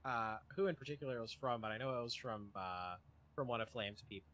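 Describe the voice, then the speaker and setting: A man's voice: mid-range voice, quick pace, crowd noise. A man chatting wryly on a livestream and swearing casually.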